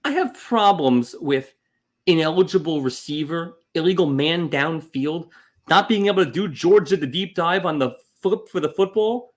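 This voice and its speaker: A man co-hosting a casual comedy podcast, telling stories with loud, exasperated bursts. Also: fairly high pitch, normal speed. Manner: animated storytelling, swings into loud exasperated bursts. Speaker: podcast co-host.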